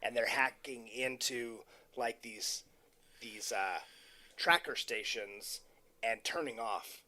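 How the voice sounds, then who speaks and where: A man's voice: mid-range voice, slow. A man co-hosting a casual movie podcast, explaining details with lots of "uh" fillers. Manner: lively, explains with hesitant fillers. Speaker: podcast co-host.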